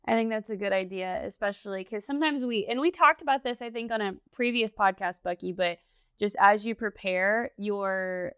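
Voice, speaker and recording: A woman co-hosts a casual podcast and speaks with open enthusiasm in a chatty rhythm. Her voice is smooth and clear. It sits close and dry, with no room echo. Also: mid-range voice, normal speed, a bit bright. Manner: enthusiastic, conversational, frequent "you know". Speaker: podcast co-host.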